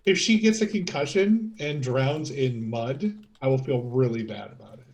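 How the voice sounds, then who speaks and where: A man's voice: mid-range voice, moderate pace, darkish tone. Earnest young-sounding male tabletop player. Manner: earnest, protesting, laughing objections. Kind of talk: casual tabletop banter.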